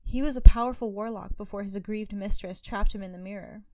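A woman voicing a tall, slow-spoken, courteous male dwarf in a storybook reading. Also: mid-range voice, darkish tone, dry recording, close to an everyday voice. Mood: earnest. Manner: slow, formal.

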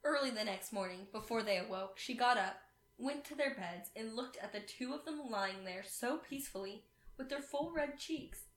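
A woman reading a fairy tale aloud in a steady storytelling manner. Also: fairly high pitch, moderate pace, roomy sound. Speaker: reader.

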